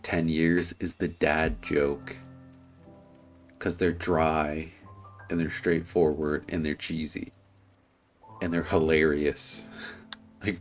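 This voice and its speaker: Tired, earnest male reaction host with a very low voice, rambling casual commentary, faint music behind. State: tired, dry throat.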